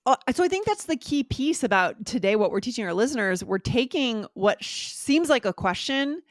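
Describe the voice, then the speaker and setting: A woman's voice: a little high, sing-song, normal speed, dry recording, clean studio sound. A woman co-hosting an English-teaching podcast, talking in an upbeat, enthusiastic way and often checking in with "right?". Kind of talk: casual teaching chat.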